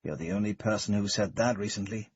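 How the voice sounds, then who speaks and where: A man playing a desperate ex-soldier in his thirties, brooding and blunt. His husky voice stays close to the reader's own. The recording is dry and a little muffled. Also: on the low side, brisk, no room sound. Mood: wary. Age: 30s. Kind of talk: audiobook character voice. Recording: dull, dry studio recording.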